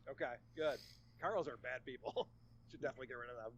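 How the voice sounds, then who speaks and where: A man's voice: mid-range voice, fast, breathy edge, dull audio. A man appearing as a guest on a podcast, mocking and sarcastic, often laughing at his own jabs. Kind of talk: casual podcast chat.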